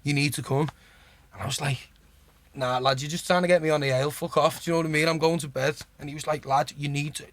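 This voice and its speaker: A man from Liverpool with a Liverpool accent, a podcast guest telling rambling, animated stories in casual chat, full of "like" and "you know what I mean" and swearing. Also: fairly high pitch, fast, dry recording. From Liverpool, England.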